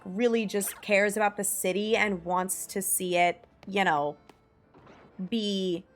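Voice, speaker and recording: A young American woman streaming a game, chatting in a rambling, enthusiastic way full of "like" fillers and the odd swear word. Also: medium pitch. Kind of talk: casual chat while gaming. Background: faint game music.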